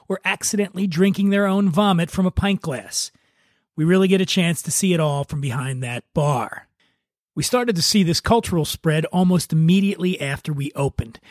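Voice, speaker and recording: A podcast host reads a first-person bar story in a relaxed, wry way. His voice sits a bit high for a man, and the close, dry sound has no room echo. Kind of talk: reading a story aloud.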